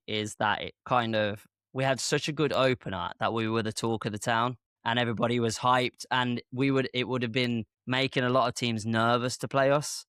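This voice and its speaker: A man co-hosting a football podcast, talking through his points in a measured, reasoning way. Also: mid-range voice, a bit bright, clear, resonant tone, no room sound, studio quality. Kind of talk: casual football chat.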